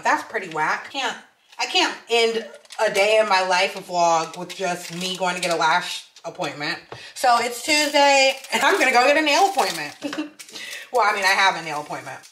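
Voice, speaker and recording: A young woman vlogging in a casual, chatty way, blunt and swearing freely, tired and a bit hoarse from losing her voice. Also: mid-range voice, sharp tone, a little hiss or hum. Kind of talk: casual vlog chat.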